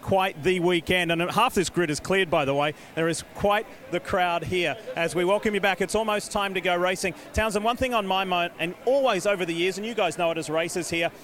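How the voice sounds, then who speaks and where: A man with an Australian accent hosting a live motorsport broadcast in upbeat, quick emcee patter. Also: high voice, a bit bright. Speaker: broadcast host.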